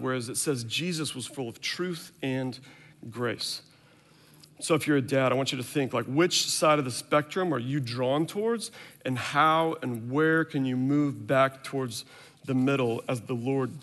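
A man's voice: mid-range voice, a little slow, a bit bright, in a large hall. A man in his thirties preaching a sermon, telling a candid story about his own family and acting out what everyone said. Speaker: pastor.

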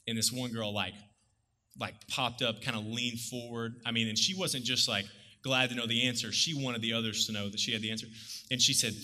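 A man's voice: medium pitch, fairly even intonation, fairly quick, sharp tone, big-room sound. A male pastor preaching a conversational sermon, acting out the voices of people in the story.

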